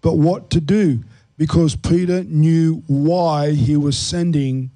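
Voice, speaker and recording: A man's voice: on the high side, fairly even intonation, slow pace, mellow, poor audio. A man hosting a Christian talk show discussion, explaining in an earnest teaching tone.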